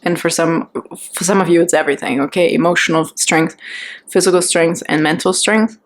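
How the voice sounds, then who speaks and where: A tarot reader gives a pick-a-card reading, musing gently and reassuringly on each card and repeatedly checking in with "okay?" and "right?". Her voice is lowish and brisk, with fairly even intonation.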